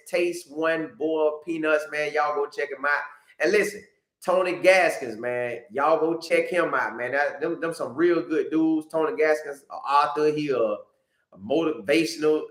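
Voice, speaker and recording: A man hosts a loose, casual live stream and talks straight to his viewers. He repeats himself and gets animated as he goes. His voice sits a little high and carries the echo of a roomy space. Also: normal speed. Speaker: podcast host reading live chat.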